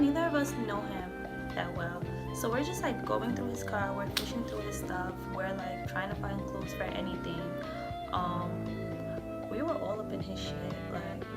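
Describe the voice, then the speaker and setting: Her voice at a medium pitch, this young woman vlogger rambles loosely through a personal anecdote, swearing without restraint and filling gaps with "like" and "um."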